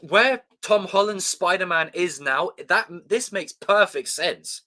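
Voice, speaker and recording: A man talks live to his stream chat in a casual, excitable way, swearing as he goes. His voice is bright and forceful. It rises and falls a lot, so it never sounds flat. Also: medium pitch.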